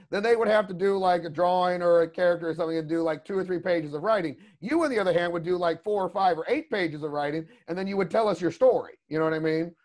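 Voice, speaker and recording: A man teaching a creature design class over a video call, chatty and rambling with lots of asides. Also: sits high. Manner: rambling, chatty, lots of "you know what I mean". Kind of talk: casual online class talk.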